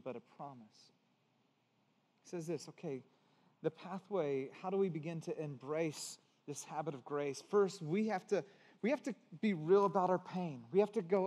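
A man's voice: a little high, moderate pace, darkish tone. A man preaching a sermon as pastor, conversational and building to emphatic peaks. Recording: long reverb of a large hall.

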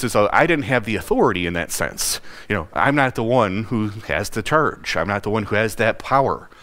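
A man's voice: fairly low pitch, fairly bright tone. A man preaching a conversational sermon, asking questions and briefly acting out the people in the story. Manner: folksy, asks the congregation questions, acts out quoted voices. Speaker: pastor.

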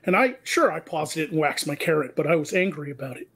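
Man, panel guest, casual chat, slightly high pitch, frequent short agreements. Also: very animated, fast talker, a bit bright, husky.

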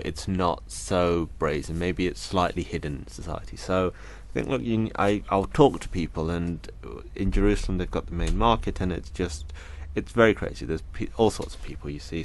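Here an interview guest, a young man from Britain, reflects earnestly on his story in a very low register. He trips over words and restarts frequently, breaking off to repeat what people he met said.

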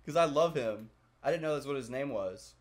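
Young man, casual gaming commentary, lots of swearing, chatty with viewers, middle pitch. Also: expressive, brisk. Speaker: gaming video host.

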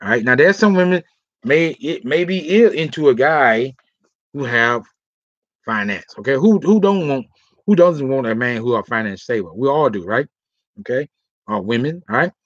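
A man's voice: medium pitch, animated, normal speed, dry recording. A man talks through dating advice in a loose, rambling way, tagging nearly every thought with "all right?" or "okay?". The sound is dry and a little dull, like a cheap lo-fi mic in a small room. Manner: rambling, filler-heavy talk ending lines with 'all right' and 'okay'. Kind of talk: casual livestream advice talk.

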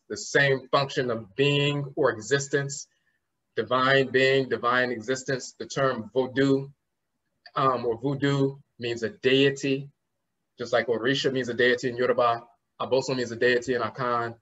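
A man's voice: mid-range voice, steady tone, moderate pace, fairly bright tone. A man giving a conference lecture, explaining word roots and spelling terms out letter by letter, often trailing off with "and so forth". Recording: slightly muffled lo-fi recording.

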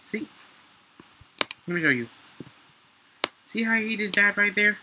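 A young man, excitedly commentating his gameplay, slangy and swearing freely. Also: sits high, a little slow, background noise. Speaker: gaming YouTuber.

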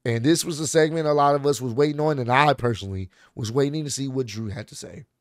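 A man's voice: mid-range voice, quick pace, no room sound. Slangy man recapping wrestling, dry sound. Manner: animated, slangy retelling with acted-out quotes. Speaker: wrestling recap channel host.

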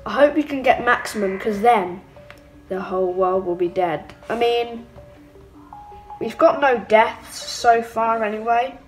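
A young woman giving excitable, playful let's-play commentary with mock-evil asides. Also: on the high side, a little slow, soft background music, poor audio. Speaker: gaming channel host. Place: home room.

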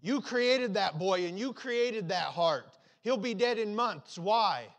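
A distraught male surgeon argues with God, his pleading voice pitched fairly high, played by a preacher in his sermon story. He is a tired, grieving doctor who has run out of answers. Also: normal speed, fairly bright tone, natural voice. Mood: anguished.

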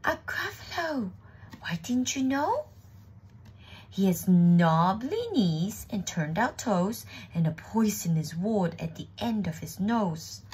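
A woman voicing a clever little mouse who talks in a brisk, cheeky, boastful way in a storybook reading. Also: on the low side, expressive, warm tone, husky, exaggerated voice.

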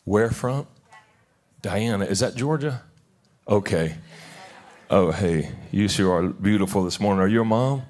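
Deep-voiced man preaching. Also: animated, measured pace, pauses often, a little mellow. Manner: informal, heartfelt, rambling with restarts. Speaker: pastor. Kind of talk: sermon and prayer. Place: church sanctuary.

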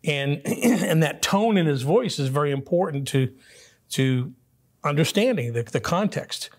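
A man teaching a casual Bible study class in a church, talking conversationally with frequent restarts and throat clearing. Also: fairly high pitch, expressive, a little slow.

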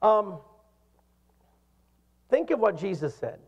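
A middle-aged man preaching a sermon as pastor, animated and putting questions to his congregation. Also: high-pitched, slow pace, husky, highs cut off. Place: church hall. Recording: reverberant hall.

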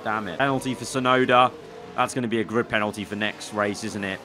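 A young man commentating live as he plays a racing management game, excitable and talking to himself. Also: fairly low pitch, a little fast, a little hiss or hum. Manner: excitable, talks to himself while managing the race. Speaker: gaming YouTuber.

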